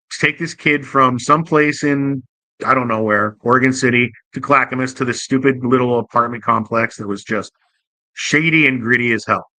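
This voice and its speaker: A man's voice: medium pitch, bright, forceful tone, no echo. A man hosting a show, telling stories from his cab-driving years in a loose, profane, casual way. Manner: loose, profane, conversational with frequent restarts. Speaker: podcast host, former cab driver. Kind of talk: casual storytelling monologue. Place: Portland area.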